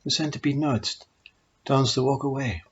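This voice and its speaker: Guy telling little parables, calm and measured, really husky voice, muffled lo-fi. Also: medium pitch. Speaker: storyteller. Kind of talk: spoken parables. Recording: dull lo-fi recording.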